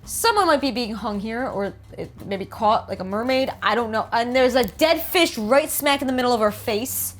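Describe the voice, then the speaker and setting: A woman's voice: a little high, expressive, normal speed, hardly any pauses, a bit bright, a little hiss or hum. A woman with a New Jersey accent, casually riffing and joking as she reads about game art. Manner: chatty, jokey, reads aloud and riffs. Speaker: host.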